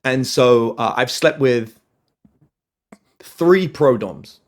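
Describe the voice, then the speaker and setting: A man, a dating coach guest on a podcast interview, telling stories with lively, acted-out quotes. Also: mid-range voice, extremely slow. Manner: animated storyteller, acts out quotes in other voices.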